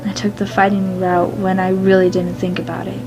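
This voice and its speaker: A woman reads a story aloud at an ordinary pitch, now and then stumbling over a word. Soft music runs behind her. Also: completely flat delivery, moderate pace, low-quality recording. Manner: plain reading, with some stumbles. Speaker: fan fiction reader.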